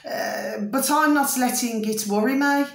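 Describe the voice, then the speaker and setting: A middle-aged British woman vlogs a rambling, casual monologue to camera, often checking her viewers follow with "do you see what I mean?" and saying "ding ding." Her voice sits high and a little slow, with a reverberant sound.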